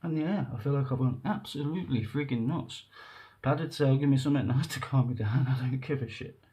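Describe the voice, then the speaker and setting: Earnest, halting man with a mellow voice. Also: medium pitch. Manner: rambling, halting, earnest, with nervous laughs. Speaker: vlogger. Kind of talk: emotional personal monologue to camera.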